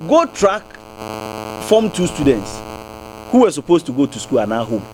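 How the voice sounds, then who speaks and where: Against a noisy background, a very animated man with a Ghanaian English accent speaks at normal speed and medium pitch as a TV panel guest. The debate is heated, and he circles back with repeated restarts and rhetorical questions.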